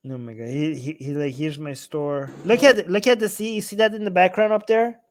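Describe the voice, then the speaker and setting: A man giving casual, animated reaction commentary while translating a video, often exclaiming and mimicking the lines he quotes. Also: high-pitched, fairly quick.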